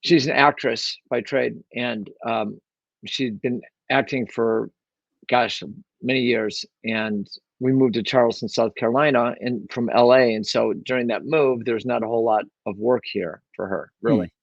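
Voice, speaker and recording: Speaking at a normal speed with a steady tone, a man with a gravelly, medium-pitched voice rambles through his story as an interview guest, filling it with fillers and restarts. He is a real estate investor using his own microphone, and the lo-fi recording has no echo.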